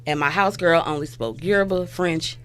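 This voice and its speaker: A woman's voice: fairly low pitch, moderate pace, fairly bright tone. A woman from Florida with a Southern American accent, co-hosting a casual talk show and explaining words step by step, spelling them out like a teacher. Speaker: co-host.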